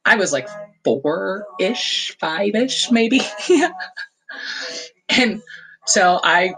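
A woman with a somewhat low voice tells a fond family memory in a loose, rambling way. She laughs often and fills her pauses with ums and uhs. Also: fairly bright tone, low-quality recording. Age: adult. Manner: rambling, frequent laughter and fillers; fond, nostalgic recollection. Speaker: storyteller. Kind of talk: casual personal storytelling.

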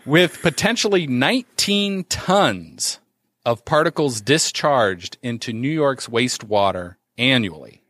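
Lively-voiced man hosting a podcast. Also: medium pitch, unhurried, no echo, clean studio sound. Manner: rambling, many fillers and restarts. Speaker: podcast host. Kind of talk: casual chat, reading news.

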